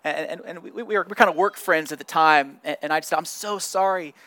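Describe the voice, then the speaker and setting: A male pastor delivering a sermon, earnest and conversational, with frequent restarts and repeated words. His voice sits high for a man. The recording is dry, with no room echo. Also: quick pace, sharp tone.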